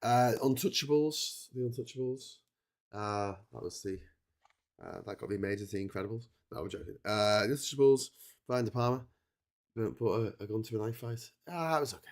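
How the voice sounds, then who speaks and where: A middle-aged man talking casually into his streaming mic, worn down from hours on air. He rambles, cuts himself off and restarts, and slips into little mock dialogues. His pitch sits right in the middle for a man. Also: normal speed. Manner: rambling, self-interrupting, chatty with mock-quoted dialogue. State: tired from a long livestream. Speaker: livestream host. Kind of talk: casual livestream chat. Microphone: streaming setup mic.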